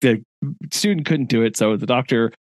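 A man's voice: medium pitch, moderate pace, dry recording, studio quality. A middle-aged man co-hosting a podcast, telling a story in casual chat and laughing often. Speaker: podcast co-host.

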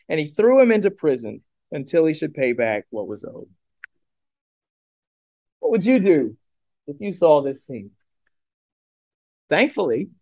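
A man preaching a sermon as pastor, retelling a parable with lively storytelling and rhetorical questions. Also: fairly high pitch, no echo, clean studio sound.

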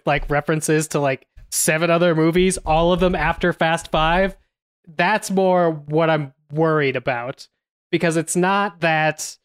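A man with a smooth, resonant voice thinks aloud on a film podcast. He hedges and restarts as he goes and swears offhandedly. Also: a little high, a bit bright. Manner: thoughtful, hesitant, swears. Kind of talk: casual chat.

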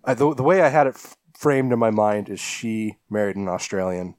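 A man's voice: fairly low pitch, animated, a little fast, a little mellow, no room sound. A man co-hosting a podcast, casually recapping a horror film with lots of ums and restarts. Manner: rambling, many fillers and restarts. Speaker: podcast co-host.

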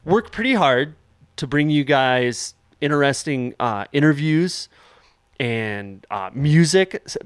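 A man's voice: fairly high pitch, expressive, takes it slowly, clear, resonant tone, no room sound, studio quality. A man hosting a podcast in loose, joking casual chat, swearing and laughing often. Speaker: podcast host.

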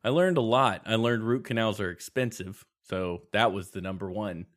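A man's voice: lowish voice, normal speed. Rambling, laughing male podcast host. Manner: rambling storyteller, laughs often. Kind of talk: casual chat.

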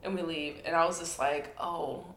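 A woman's voice: low-pitched, fairly even intonation, brisk, reverberant, slight background noise. A young woman telling a story in casual chat, acting out quotes and laughing often.

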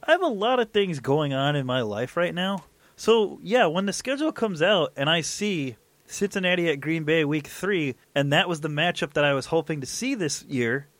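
A man's voice: fairly high pitch, a bit bright, no echo. A man in his thirties hosting a sports podcast, ranting in an irritated, casual way. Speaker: podcast host.

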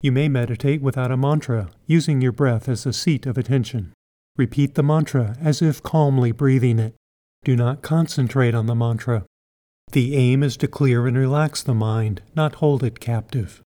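A man giving scripted meditation instructions in a slow, even, calm way. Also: medium pitch.

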